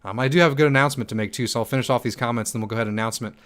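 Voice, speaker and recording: A young man hosting a livestream Q&A, reading chat comments aloud and answering in a hyped, fast manner with many ums and restarts. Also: medium pitch, a bit bright. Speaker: stake pool operator and channel host.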